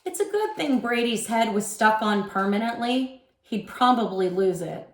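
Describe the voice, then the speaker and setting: A woman guest reader reading a children's chapter book aloud with expressive storytelling. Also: a little high, moderate pace, reverberant.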